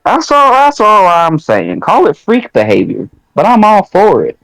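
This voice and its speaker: A young man talking crude, slangy podcast banter and swearing freely. His pitch leaps around a lot as he jokes. The sound is dry and close. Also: huge pitch swings, a little slow, a bit bright, dry recording, low-quality recording. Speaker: podcast co-host. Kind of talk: casual chat.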